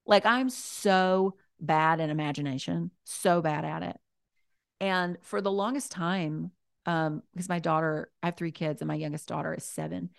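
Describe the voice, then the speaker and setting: A woman, a guest author, chatting casually and warmly, repeating her key points as she gives encouraging advice. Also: fairly low pitch, gravelly, dry recording, studio quality.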